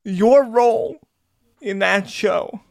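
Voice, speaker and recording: A man hosting a casual interview, speaking in an unhurried and affirming way to a friend who is his guest. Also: high voice, gravelly. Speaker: podcast host.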